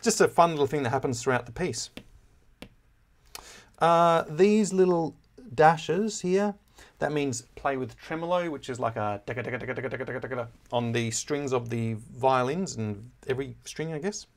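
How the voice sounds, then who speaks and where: A man explaining a musical score in a relaxed, chatty way, often pausing with fillers and correcting himself as he goes. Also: on the high side. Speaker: music teacher. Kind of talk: casual score walkthrough.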